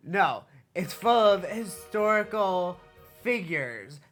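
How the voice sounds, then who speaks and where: A young woman giving a casual TV episode recap, talking fast and slangy, swearing freely and saying "like" a lot. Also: on the low side, fairly bright tone. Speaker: TV recap vlogger.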